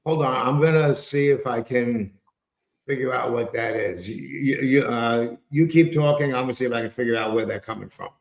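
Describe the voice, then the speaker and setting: A man's voice: mid-range voice, moderate pace, creaky, roomy sound. A man hosting a trading livestream, talking casually while sorting out a technical problem. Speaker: stream host.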